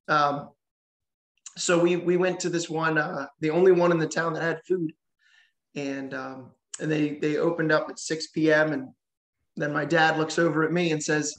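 A man on a webinar panel telling a casual story, halting with many fillers and a dry, sarcastic humor. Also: on the high side, fairly even intonation, fairly bright tone. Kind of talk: casual anecdote. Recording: roomy echoey room sound.

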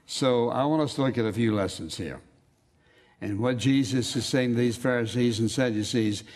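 A man's voice: mid-range voice, darkish tone. Man preaching an emphatic sermon. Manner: emphatic, quotes scripture in slow dramatic readings.

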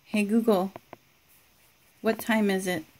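A woman's voice: medium pitch, steady tone, slow, a little mellow. A woman giving a casual home review of a smart speaker, talking to it with dry amusement. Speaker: product reviewer.

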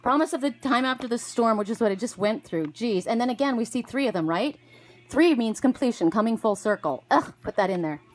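A woman's voice: fairly high pitch, animated, fairly quick, low-quality recording. A middle-aged woman chatting casually to camera about her day and a gift, rambling and effusive with many restarts. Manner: effusive, rambling, full of restarts and gushing exclamations. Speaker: vlogger and spiritual reader.

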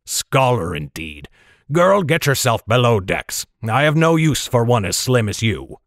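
A man voicing an impatient, gruff boat captain who barks scornful orders in an audiobook. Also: mid-range voice, very animated, measured pace, no room sound, studio quality.

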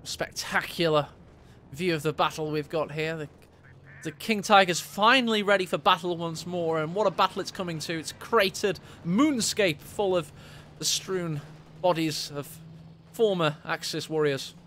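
A man's voice: a little high, fairly bright tone, a little hiss or hum. A man commentating a strategy video game, jokey and fond of telling stories. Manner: jokey, storytelling, quick to laugh.

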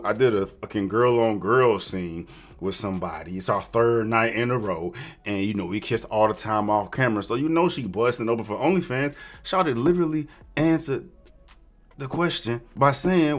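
A man's voice: mid-range voice, fairly bright tone. A man ranting in blunt, profane, slang-heavy reaction commentary as host.

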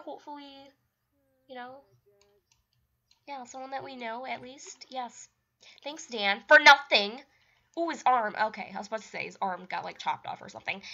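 Lively high-voiced woman gaming. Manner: animated, playful, pleads with game characters. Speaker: game let's-play host. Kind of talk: casual commentary while playing a life-sim game. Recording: dull lo-fi mic.

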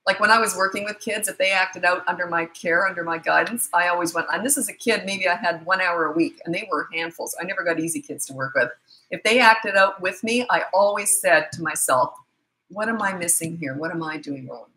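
A middle-aged woman coaching parents with a bright, forceful voice that sits a little low. She talks bluntly and with emphasis, slipping into quick acted exchanges between parent and child. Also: slight background noise, low-quality recording. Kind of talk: casual advice talk.

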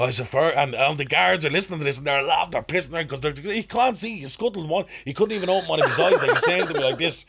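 Lively Irish storyteller man. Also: a little high, fast talker, gravelly, slightly rough. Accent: Irish, Dublin. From Ireland. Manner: animated anecdote-telling with crude slang and put-on voices. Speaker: podcast guest, actor. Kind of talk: casual storytelling.

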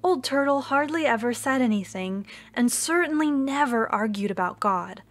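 A woman reading a children's story aloud at a worship service, gentle and expressive. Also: on the high side, moderate pace.

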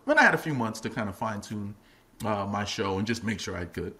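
A middle-aged man and comedian, a guest on a podcast, telling stories in a loose, chatty way and breaking into laughs as he goes. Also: a little fast. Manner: animated, acts out quotes in a much higher voice, laughs often. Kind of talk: casual podcast interview storytelling.

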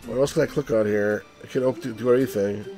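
A man's voice: mid-range voice, quick pace, mellow, faint music behind. A man hosting a let's play, rambling and wry as he comments on a game, with the odd swear.

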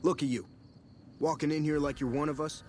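A man's voice: fairly high pitch, fairly even intonation, a little fast, a crowd in the background, lightly acted. An actor playing a hostile male convict gang member in a video game, taunting and threatening.

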